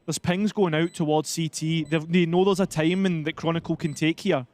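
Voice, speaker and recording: A man's voice: on the high side, steady tone, normal speed, darkish tone. A man giving analytical color commentary on an esports match, sometimes correcting himself mid-sentence. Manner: analytical, occasional self-corrections and laughs.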